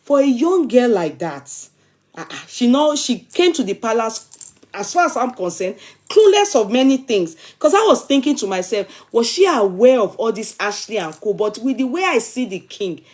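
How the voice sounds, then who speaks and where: A woman's voice: a little high, big pitch swings, moderate pace, darkish tone. Emphatic Nigerian woman streaming live. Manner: emphatic, repetitive, pleading. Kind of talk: casual live-stream commentary.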